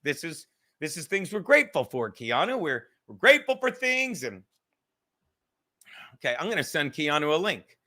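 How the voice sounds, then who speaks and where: A man hosting a livestream podcast in a high, bright voice. He rambles and jokes with his viewers, swearing freely as he goes. The talk is loose and casual at a desk mic. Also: big pitch swings, moderate pace, pauses often. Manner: rambling, profane, joking with the chat.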